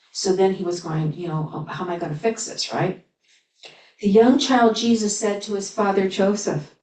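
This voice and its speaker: A woman's voice: medium pitch, darkish tone. Woman reading scripture in an echoey hall. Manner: reads old scripture aloud, then breaks in with chatty asides and giggles. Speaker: spiritual teacher. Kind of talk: sermon reading scripture with commentary. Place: spiritual center service room. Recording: echoey room, voice from far off.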